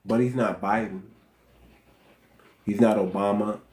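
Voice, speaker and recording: Emphatic man with a dark voice. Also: lowish voice, fairly even intonation, measured pace, slightly rough, poor audio. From United States. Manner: emphatic, repeats phrases, talks straight to chat. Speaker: livestream commentator. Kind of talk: livestream political commentary. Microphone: small cheap wireless clip mic.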